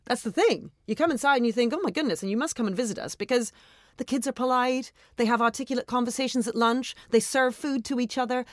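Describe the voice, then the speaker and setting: A woman headteacher, talking in an interview in an emphatic, animated way and often adding "I mean" and "right?". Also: fairly high pitch, no room sound, clean studio sound. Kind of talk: interview conversation.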